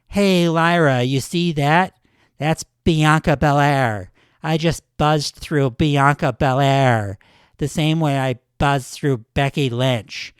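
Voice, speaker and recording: A man voicing a brash, boastful woman wrestler who cuts a loud taunting promo. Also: medium pitch, smooth, dry recording, studio quality, lightly acted.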